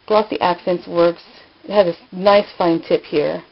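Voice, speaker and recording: A woman with a somewhat low voice walks viewers through craft supplies in a chatty, informal way, stopping for fillers and self-corrections. The sound is dull and lo-fi, like an older home video mic. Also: steady tone, measured pace, creaky. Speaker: crafting channel host. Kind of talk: casual hands-on craft tutorial.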